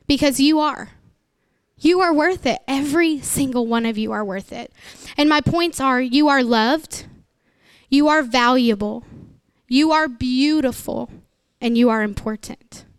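A woman's voice: high-pitched, moderate pace, clear, resonant tone, no room sound, studio quality. A woman pastor, preaching an emotional, emphatic sermon.

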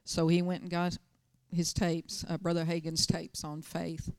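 A woman's voice: on the low side, completely flat delivery, measured pace, a little mellow, dry recording. A middle-aged woman pastor preaching a sermon, telling stories with emphatic, urgent bursts. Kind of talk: sermon with personal storytelling.

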